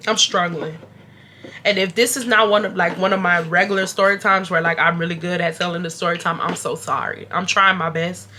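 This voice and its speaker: A young YouTube storyteller with a bright, forward, lowish voice tells a casual storytime straight to her viewers, speaking fairly quickly over slight background noise. Though sick and unwell, she's chatty and animated, calling them y'all.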